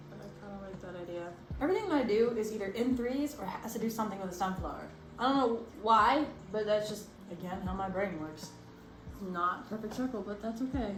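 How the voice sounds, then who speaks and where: A young woman chatting casually while doing a craft project, bubbly and excitable, gasping and squealing as she goes. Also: medium pitch. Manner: vocal tics. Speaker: crafting vlogger. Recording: echoey room with faint background noise.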